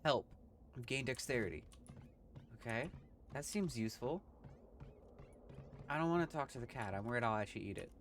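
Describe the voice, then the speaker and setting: A man giving casual let's-play commentary, offhand and joking. His pitch sits right in the middle for a man, and a faint noise hums under the voice. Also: animated, fairly quick, pauses often, fairly bright tone. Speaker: gaming streamer.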